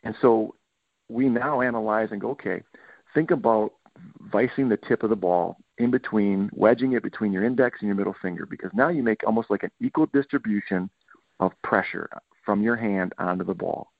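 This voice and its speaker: Speaking fairly quickly in a fairly low voice with vocal fry, a middle-aged Michigan football coach is interviewed on a podcast. The line sounds tinny and phone-like with no echo, and he tells lively stories, voicing his players' quotes.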